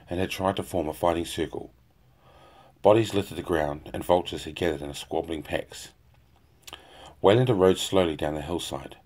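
A man with a very low, deep voice reads a fantasy novel aloud. His narration is steady and unhurried, and it stays even through grim scenes. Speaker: audiobook narrator. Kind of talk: fan reading of a fantasy novel.

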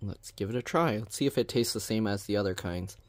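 A man's voice: on the low side, a little fast, no echo. Man reading labels aloud, dry close sound. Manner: reads labels aloud in a plain, even way, with chatty asides. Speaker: product reviewer. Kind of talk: casual product review vlog.

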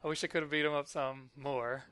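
A man's voice: fairly high pitch, little pitch movement, a little fast, pushed and bright, smooth, dry recording. A man voicing a spunky, cocky young female thief in a video game, teasing and brash.

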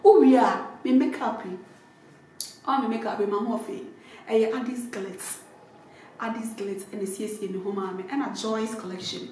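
A Ghanaian woman comedian delivering an animated comic rant that keeps repeating itself in sudden loud bursts. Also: on the high side, normal speed, slight background noise. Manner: animated, repetitive, shouty bursts. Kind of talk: comic rant mixing English and Twi. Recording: very echoey room.

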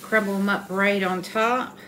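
Home-cook host, middle-aged woman, bright folksy chatter in her kitchen, faint hum behind. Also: mid-range voice, fairly even intonation, unhurried. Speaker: home cooking channel host. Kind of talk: casual cooking demonstration.

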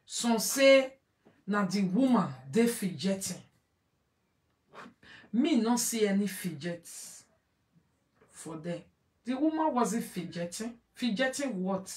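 A woman with a Nigerian Pidgin accent hosts an online show, making emphatic comments to her audience and repeating phrases while switching between pidgin and English. Her medium-pitched, darkish voice is expressive and slow, with frequent pauses. She sits away from the mic in an echoey room.

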